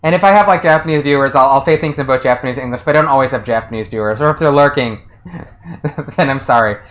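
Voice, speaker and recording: A man's voice: mid-range voice, quick pace, a bit bright, poor audio. A man streaming and casually commenting on a game translation, rambling with lots of restarts and fillers and chuckling often.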